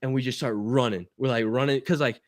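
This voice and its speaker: A young man telling a story on a talk show as a guest, animated and swearing, acting out the voices of the people in it. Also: medium pitch, fairly quick, no echo, studio quality. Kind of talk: casual storytelling.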